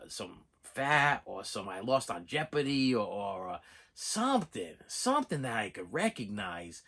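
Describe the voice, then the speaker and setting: A man's voice: mid-range voice, slightly rough. A middle-aged man telling a long, rambling personal story to camera as a movie-collector vlogger, repeating himself and restarting sentences. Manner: animated, repetitive storytelling with restarts. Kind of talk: rambling casual monologue.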